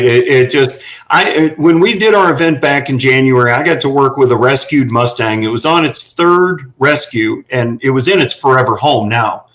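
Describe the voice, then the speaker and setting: A man's voice: medium pitch, a bit bright, poor audio. A middle-aged man telling earnest, folksy stories about working with horses as a guest on a talk panel. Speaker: guest running horse therapy for veterans.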